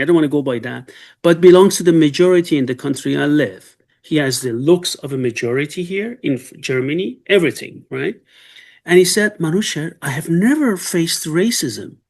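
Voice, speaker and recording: A man interviewing a professor, telling a story in a conversational, animated way with frequent laughter; he is not an English speaker. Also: a little high, vocal fry. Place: Germany.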